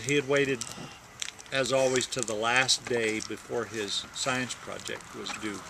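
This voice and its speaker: A father telling a long joke at home in an unhurried way, now and then slipping and correcting himself, filmed on a handheld camcorder. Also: medium pitch, background noise. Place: family home. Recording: home video, baby crying loudly.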